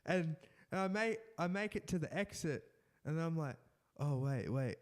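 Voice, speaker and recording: A young man tells a story with plenty of laughter and repeated restarts. His voice sits a little high, and he keeps the tone of a casual chat between friends. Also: moderate pace. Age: young adult. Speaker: podcast co-host.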